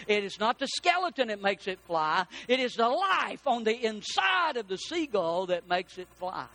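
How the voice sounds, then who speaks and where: A man preaching a sermon as a pastor, building to emphatic peaks and dropping to hushed appeals. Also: high-pitched.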